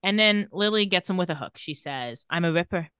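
A woman's voice: lowish voice, expressive, fairly quick, a bit bright, clear, resonant tone, no echo, clean studio sound. A woman casually recapping a TV episode and reading the characters' lines with light sarcasm. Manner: retells scenes and reads quotes with light sarcasm. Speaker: podcast co-host recapping a TV episode.

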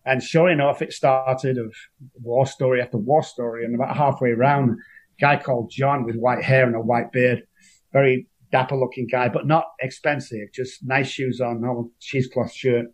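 Husky man telling his story. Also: mid-range voice, fairly even intonation, normal speed. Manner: earnest, emotional, acts out quoted voices. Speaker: interview guest. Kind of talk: personal storytelling.

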